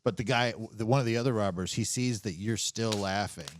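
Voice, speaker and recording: A man's voice: fairly low pitch, fairly quick, no room sound, studio quality. A man co-hosting a comedy podcast, rambling with lots of restarts and chuckles. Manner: rambling, restarts often, chuckles mid-sentence. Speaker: podcast co-host. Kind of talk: casual comedic podcast banter.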